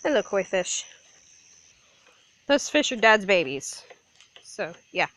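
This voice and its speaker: A woman's voice: medium pitch, sing-song, slow pace, fairly bright tone, no echo. A woman filming a family fireworks night in a backyard on a phone, narrating to the camera and chatting to a baby. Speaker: vlogger filming. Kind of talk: casual vlog narration.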